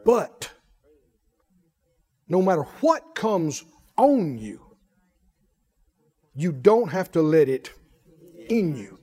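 High-voiced, lively preacher man. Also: in a large hall. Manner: rising to shouted declarations, drawn-out emphatic phrases; leads the congregation to repeat lines. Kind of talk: sermon with call-and-response.

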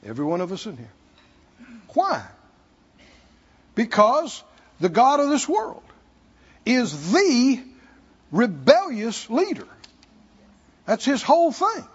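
A man preaching a sermon to a congregation, speaking slowly and pausing for asides to his listeners. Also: very high voice, huge pitch swings, breathy edge. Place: church hall. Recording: dull sound in a hall with long reverb.

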